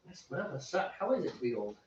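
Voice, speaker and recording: A high-pitched man chats and teases his co-host while they brew beer together. He sits some way back from the mic, and the room rings with heavy echo. The sound is dull and muffled. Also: big pitch swings, a little mellow, recorded from a distance, slight background noise. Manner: jokey, teasing, reads aloud in halting German. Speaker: co-host of a homebrewing show. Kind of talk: casual chat while brewing.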